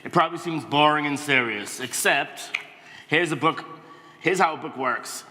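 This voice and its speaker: A man's voice: on the high side, normal speed, sharp tone. Playful middle-aged man in a reverberant church. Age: 50s. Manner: playful, self-mocking, exaggerated silly sounds. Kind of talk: reading a children's book aloud to kids. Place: large church sanctuary. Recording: reverberant church hall, faint noise.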